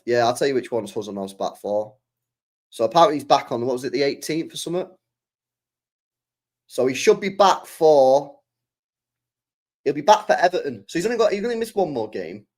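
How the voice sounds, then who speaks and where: A young man chats on a live stream about his football club, mid-pitched and worked up. He swears freely, circles back to the same points and answers his chat in a loose, fan-to-fan way. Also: a little mellow.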